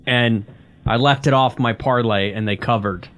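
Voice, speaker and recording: A man's voice: mid-range voice, moderate pace, noisy background. Joking man trading profane banter. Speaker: podcast co-host. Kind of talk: casual sports podcast chat.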